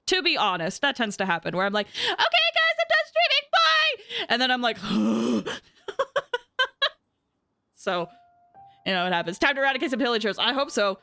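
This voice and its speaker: A woman's voice: medium pitch, lively intonation, normal speed, gravelly, pauses often, pushed and bright, faint music behind. A young woman streaming a game, chatting with viewers in a bubbly, giggly way. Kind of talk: casual live-stream chat.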